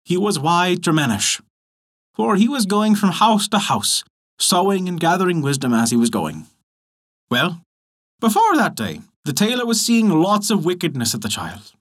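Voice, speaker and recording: A man narrating a folk tale in an expressive storytelling manner. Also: high-pitched, moderate pace.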